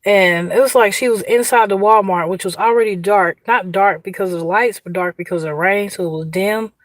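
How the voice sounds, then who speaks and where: A woman's voice: mid-range voice, fairly quick, no room sound. Woman, Indiana accent, casual livestream host, chatty, laughing, dry close sound. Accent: Indiana, US Midwest. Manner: chatty, laughing, greets viewers by name. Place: outdoors.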